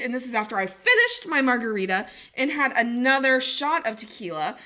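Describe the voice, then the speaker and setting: A woman co-hosting a podcast, telling a story in an animated way, laughing often and acting out what people said. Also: high voice, a little fast, few pauses. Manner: animated, laughing, swearing, acts out quotes. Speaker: podcast co-host. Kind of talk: casual storytelling.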